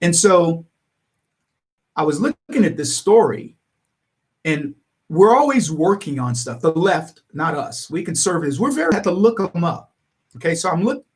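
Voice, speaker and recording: A man hosting a political livestream, telling stories in an animated way, acting out other people's lines and chuckling between points. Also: a little high. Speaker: talk radio host.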